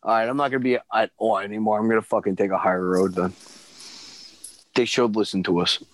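A man co-hosting a podcast, chatting casually, loud and profane, often shouting. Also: fairly low pitch, fairly even intonation, quick pace, dry recording. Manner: loud, swearing, laughing, prone to shouting. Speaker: podcast co-host.

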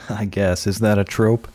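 Male co-host, slow and low, dry close sound, playful line readings. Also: level tone, a little mellow, dry recording. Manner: acts out movie lines in playful voices. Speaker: podcast co-host. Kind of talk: casual film commentary chat.

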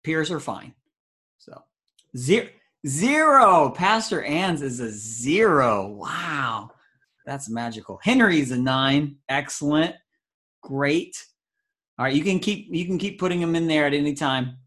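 A man's voice: a little high, very animated, slow, pushed and bright. A playful man hosts a children's ministry meeting over a video call. He talks in a loose, goofy way and reacts to things with easy amazement. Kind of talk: casual video call with kids.

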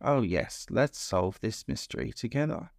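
A man's voice: medium pitch, expressive, unhurried, gravelly, dry recording, clean studio sound, pitched above the performer's own voice. A man voicing a plump, kind-hearted bear in a bedtime storybook, speaking earnestly. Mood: eager.

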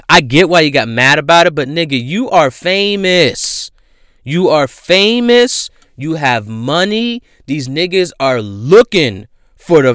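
A man's voice: a little high, no room sound, studio quality. Man ranting in casual celebrity gossip. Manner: loud, exasperated ranting with slang and profanity. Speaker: host. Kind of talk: casual celebrity news commentary.

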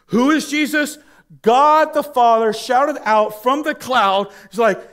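Emphatic high-pitched preaching man. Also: sing-song, slow pace. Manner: swings from loud emphatic preaching to hushed soft appeals. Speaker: pastor. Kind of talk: sermon.

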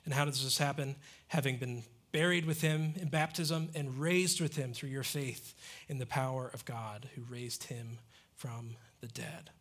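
A pastor with a medium-pitched, slightly bright voice preaches a sermon a little slowly. He's earnest and emphatic, posing rhetorical questions and then answering them himself.

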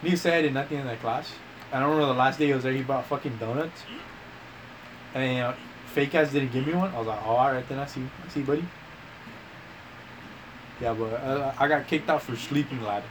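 A man rattles off rambling, swear-filled stories in casual chat and acts out the other people's lines as he goes. His pitch sits in an ordinary middle range. A steady hiss of noise runs under the recording. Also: fast. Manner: profane, rambling anecdotes with slang like bro and dude; acts out quoted lines with voice changes. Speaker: storyteller among friends.

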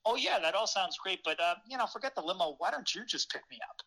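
Man doing a high, bright old comedian voice, kindly, chatty, rambling. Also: animated, quick pace, full character voice, rough recording. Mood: friendly. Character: kindly elderly male comedian, warm and chatty.

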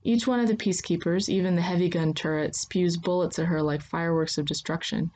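Low-voiced woman narrating a story. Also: steady tone, brisk, darkish tone. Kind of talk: scripted second-person story narration.

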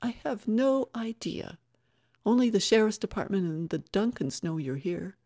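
A woman narrator voicing an unflappable elderly woman who answers threats calmly and tartly. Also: medium pitch, moderate pace, dry recording, studio quality, voice pushed up. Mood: wry. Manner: calm, steely and tart.

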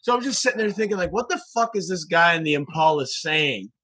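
A man telling a story in casual chat, profane and animated. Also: a little high, brisk, slight background noise.

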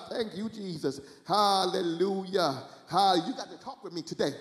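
A man preaching a fervent sermon as pastor, often breaking into hallelujahs and shouting in a sing-song way at the peaks. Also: high voice, moderate pace, few pauses. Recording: echoey reverberant room.

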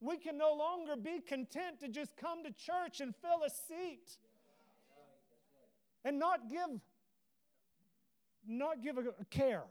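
A man's voice: very high-pitched, takes it slowly, long pauses. A man preaching an impassioned, earnest sermon, his voice rising into emotional cries, at times teary. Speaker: pastor.

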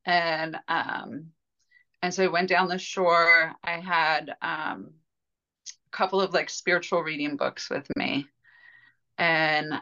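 Candid woman guest, bright voice. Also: low-pitched, muffled recording. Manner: candid, rambling, with frequent fillers and soft laughs. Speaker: podcast guest. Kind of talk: personal storytelling in conversation.

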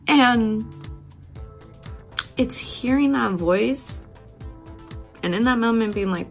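A woman's voice: fairly high pitch, very slow, vocal fry, long pauses, faint music behind. Profane, laughing woman podcast host. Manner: profane, laughing often, acts out her inner voice. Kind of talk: casual self-help podcast monologue.

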